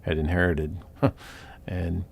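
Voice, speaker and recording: A man in an interview quickly recounting a story about a comrade. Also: low-pitched, little pitch movement, creaky, slight background noise. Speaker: interviewee, former soldier.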